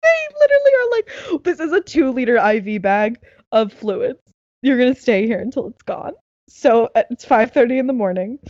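A young woman telling a story in casual chat, animated and laughing, acting out what others said. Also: a little high, normal speed, no echo, muffled recording. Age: young adult.

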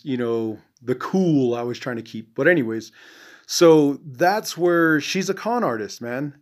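A man's voice: mid-range voice, darkish tone. A man hosting a podcast in an angry, profane, rambling monologue, full of "you know" fillers, his voice dropping and trailing off at the ends of phrases. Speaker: podcast host. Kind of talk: casual monologue.

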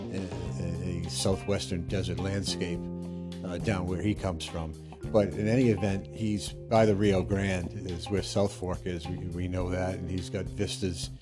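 An American man hosting a podcast in casual, rambling talk full of fillers and restarts. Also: low voice. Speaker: podcast host.

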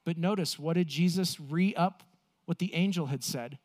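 Earnest preaching pastor, man. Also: a little high. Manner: earnest, slows down for emphasis, acts out quotes. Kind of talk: sermon.

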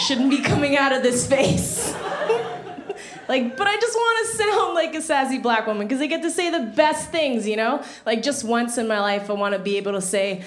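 A woman's voice: sits high, moderate pace, noisy background. A young woman doing a stand-up comedy set on a club stage, chatty and self-mocking, filling her talk with "like". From Somalia (family). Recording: echoey room with loud audience laughter. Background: audience laughing.

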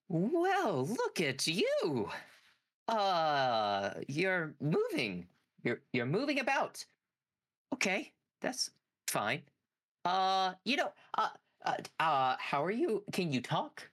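A man's voice: sits high, huge pitch swings, drawn-out words, fairly bright tone, pitched above the performer's own voice, exaggerated voice. A man voicing a flustered female mad scientist who stammers through fillers and apologies. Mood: startled. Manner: stammering, nervous, full of fillers.

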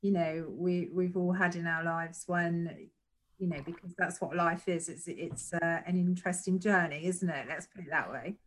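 A woman's voice: fairly low pitch, fairly even intonation, moderate pace, low-quality recording. A woman interviewing a guest, musing aloud and seeking agreement with tag questions. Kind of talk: conversational chat.

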